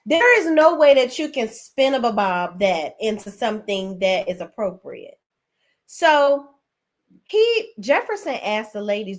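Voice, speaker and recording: A woman hosting a casual recap chat, animated, acting out characters' lines in a raised voice. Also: fairly high pitch, a little slow. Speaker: show review host.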